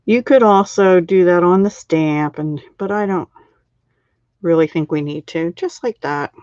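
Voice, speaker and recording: During a relaxed card-making demo on her live stream, a middle-aged woman chats, laughs a lot, and pokes fun at her own errors. Her lowish voice is a little slow and a little mellow. The recording is dry, with a dull lo-fi sound.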